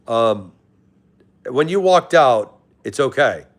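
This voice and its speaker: A man's voice: medium pitch, expressive, takes it slowly. A young man hosting a live stream, casually greeting chatters by name and calling them brother. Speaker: livestream host reading chat.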